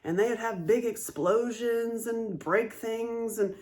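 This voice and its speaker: Woman, frank, animated, curses often, casual talk. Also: a little high, slow pace. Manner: candid and swearing, animated. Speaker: trauma advocate and speaker. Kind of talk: casual monologue.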